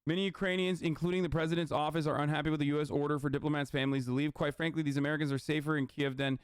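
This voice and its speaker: A man's voice: a little high, level tone, very fast, clean tone, no room sound. A man giving heated, profane political commentary as a streamer, emphatic and sarcastic.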